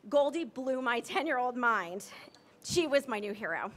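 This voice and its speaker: A woman in her forties giving an emotional public tribute speech, gushing and excited, close to tears at times. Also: sits high, some chatter behind. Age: 40s. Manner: gushing, excited and teary, quick asides. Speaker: tribute speaker at a ceremony.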